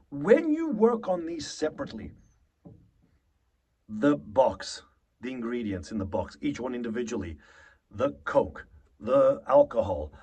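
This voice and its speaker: A husky-voiced male acting coach whose pitch swings widely as he explains his method. He acts out little example lines as he goes and swears without holding back. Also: darkish tone. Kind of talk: acting lesson to camera.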